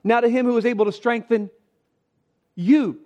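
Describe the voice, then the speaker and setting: A man preaching a sermon, reading scripture aloud and stressing key words with shifting pace and loudness. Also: very high voice, highs cut off. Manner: emphatic preaching with pauses, varied pace and loudness. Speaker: pastor.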